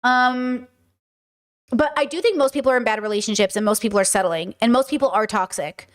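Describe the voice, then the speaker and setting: A blunt woman streamer with a slightly high voice gives casual, opinionated commentary. She talks emphatically and keeps repeating her point until it lands. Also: a little fast. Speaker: streamer and host.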